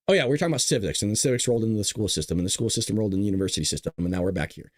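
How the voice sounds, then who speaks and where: A man's voice: fairly low pitch, lively intonation, rapid-fire, hardly any pauses, no room sound, studio quality. A male host giving sarcastic, ranting political commentary straight to his viewers. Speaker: show host.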